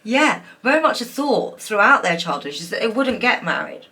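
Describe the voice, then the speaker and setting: A woman's voice: mid-range voice, sing-song, normal speed, sharp tone. A woman giving a pick-a-card tarot reading, emotional and gushing, with many fillers. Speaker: tarot reader.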